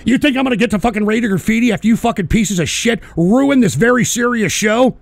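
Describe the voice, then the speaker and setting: Middle-aged male stream host, high and gravelly, cursing and erupting into shouts, dry close mic. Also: quick pace, no room sound. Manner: profane, irritable, bursts into shouting. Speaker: livestream show host. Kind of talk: ranting live stream reading chat donations.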